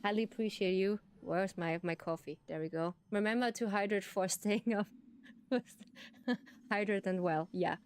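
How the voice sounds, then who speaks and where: A woman's voice: mid-range voice, normal speed, slight background noise. A woman with an Austrian accent, a native German speaker, chatting casually with viewers while streaming a game, giggling and often repeating herself. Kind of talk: casual livestream chat.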